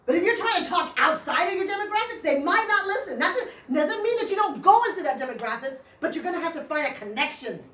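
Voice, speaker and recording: A woman running a motivational sales training, animated and playful, teasing the room and drawing call-and-response answers. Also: very high voice, quick pace, few pauses, a little hiss or hum. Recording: echoey room recording from a distance.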